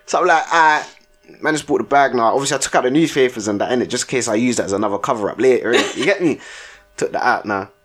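A man's voice: medium pitch, very fast, a bit bright. A young man, co-hosting a casual podcast and telling stories in heavy slang, often laughing. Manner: slangy, laughs often, tags lines with "innit". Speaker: podcast co-host. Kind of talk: casual chat, storytelling.

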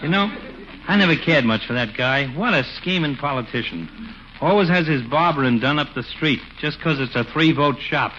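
A man's voice: on the high side, animated, moderate pace, pushed and bright. An actor playing a gossipy, folksy town barber in a 1940s radio comedy, egging his friend on. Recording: dull noisy old radio recording.

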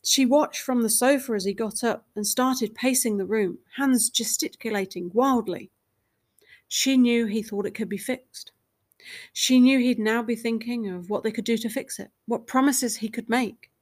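Woman narrating a story, fairly high voice. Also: normal speed.

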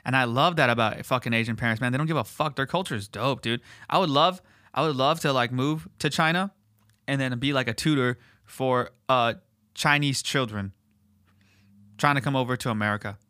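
Foul-mouthed rambling man, bright voice. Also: mid-range voice, fairly quick, no room sound, clean studio sound. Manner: profane, rambling, animated, filler words. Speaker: podcast host. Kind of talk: casual chat.

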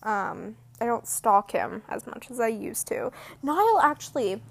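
A woman's voice: fairly high pitch, expressive, measured pace, creaky. A teenage girl chatting on her own podcast, rambling and giggly with lots of "like" and "um", sleepy and yawning. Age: teens. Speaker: podcast host. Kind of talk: casual solo podcast chat.

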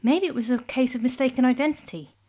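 A woman's voice: high voice, fast, mellow. Woman narrating a comic story. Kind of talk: scripted narration.

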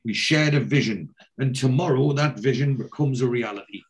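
Man voicing a slimy politician, smooth, reassuring, evasive, everyday voice. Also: medium pitch, normal speed, close to an everyday voice. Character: smooth slimy male politician, middle-aged.

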